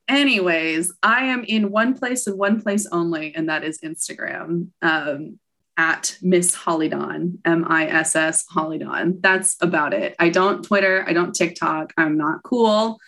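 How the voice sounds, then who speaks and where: A woman in her late twenties, a podcast guest chatting casually, animated and self-mocking, laughing often. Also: fairly low pitch, normal speed, rough recording. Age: 20s. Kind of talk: casual chat.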